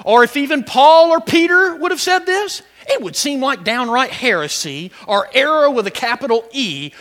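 A pastor preaches with a high, animated voice that swings widely in pitch. His tone is bright and ringing, and he climbs into shouts as he builds his points, stammering through restarts along the way. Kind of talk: sermon.

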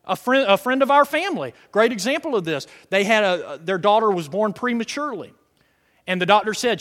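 A man preaching a sermon, swinging between loud shouted lines and hushed quiet ones. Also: high-pitched, expressive, fairly quick. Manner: dramatic swings from shouting to near-whisper. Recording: long reverb of a hall.

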